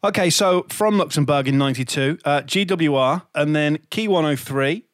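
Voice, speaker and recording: A man's voice: a little high, normal speed, dry recording. Hesitant male interviewer, dry sound. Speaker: podcast host interviewer. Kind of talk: interview questions.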